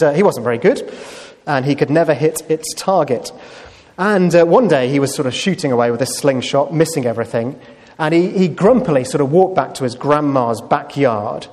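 A man's voice: fairly high pitch, darkish tone, in a large hall. A man preaching a sermon, telling a story in a conversational way with fillers and rhetorical questions.

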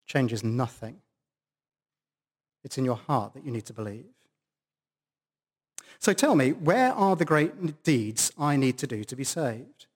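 A man preaching a sermon at a church service, stressing key words for emphasis. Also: mid-range voice.

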